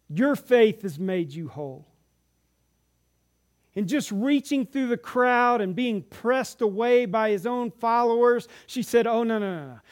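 Animated high-voiced male preacher. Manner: animated, acts out the characters' lines in the stories. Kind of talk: sermon storytelling. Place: church.

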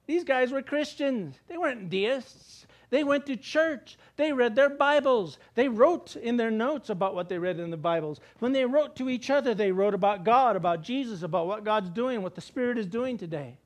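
An older man preaching a sermon as pastor, animated, asking rhetorical questions and acting out the quotes. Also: very high-pitched, normal speed, few pauses.

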